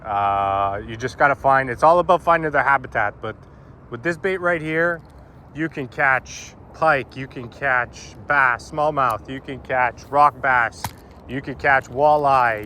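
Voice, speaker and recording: A man's voice: medium pitch, unhurried, pushed and bright, a little hiss or hum. A man talking casually to his viewers while fishing outdoors on a river bank. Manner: chatty and informal, addressing viewers as "boys". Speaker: fishing vlogger. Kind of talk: casual vlog commentary.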